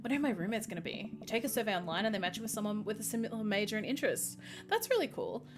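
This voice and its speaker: A woman voicing an eager teenage girl heading off to art school, reading game dialogue aloud with bubbly, excited chatter. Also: medium pitch, racing, lightly acted. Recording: game music behind voice. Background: game music.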